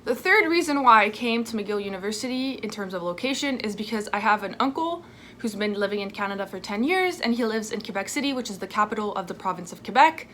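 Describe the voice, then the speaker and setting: A woman in her twenties from France, talking casually in a sit-down vlog at home, chatty and lively with asides. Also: mid-range voice, fast talker. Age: 20s. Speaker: vlogger. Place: home indoors. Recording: faint dishwasher noise at home. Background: dishwasher noise.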